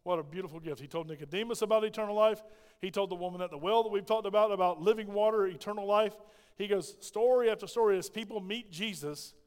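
A man's voice: high voice, fast talker. A male pastor preaching a sermon, emphatic and full of rhetorical questions to the congregation. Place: church hall. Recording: long reverb of a large hall.

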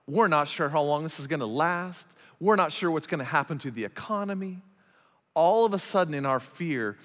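A man preaching a sermon as pastor, animated and emphatic, shifting between loud, urgent lines and quiet, slow ones. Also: on the high side, in a large hall.

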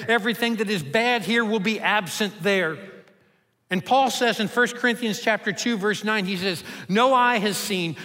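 A man's voice: sits high, sharp tone, big-room sound. A man preaching a sermon as a pastor, building long rhythmic lists with rising and falling intensity.

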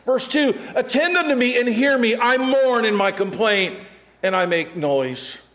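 A middle-aged man preaching a sermon, acting out quotes and swinging from loud calls to hushed, quiet passages. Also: very high-pitched, lively intonation, measured pace. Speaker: pastor.

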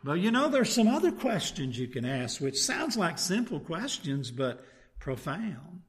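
A man delivers a sermon in a church, first reading scripture aloud and then preaching on it. He leans on rhetorical tag questions to draw in his listeners. His voice sits a little higher than most men's. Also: very animated, a little slow.

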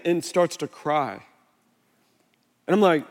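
A middle-aged man, a pastor on a body mic, preaching a sermon in a relaxed, conversational way and telling stories against himself. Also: fairly high pitch, a little fast. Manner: conversational, self-deprecating storytelling. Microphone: wireless body mic. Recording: long hall reverb.

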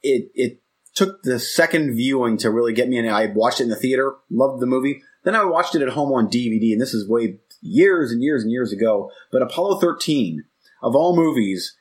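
A man's voice: mid-range voice, lively intonation, a little fast, breathy edge. A man in his forties co-hosting a podcast, talking in a rambling, reflective way that keeps breaking off and restarting. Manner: rambling, reflective, self-interrupting. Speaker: podcast co-host. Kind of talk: casual chat.

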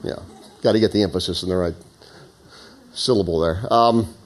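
Shifting between scripture and stories, a middle-aged man preaches a sermon as pastor at a moderate pace. His voice goes quiet and low at times, then climbs high and loud to drive his point in.

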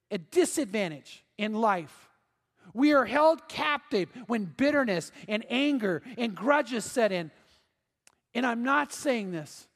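High-voiced pastor preaching in a hall. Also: male voice, a bit bright. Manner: earnest, emphatic preaching with repeated phrases. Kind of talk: sermon.

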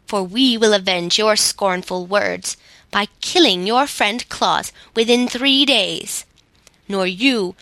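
A woman's voice: medium pitch, dry recording. A woman doing a furious goblin king. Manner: angry, defiant shouting. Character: fierce scowling male goblin king, impudent.

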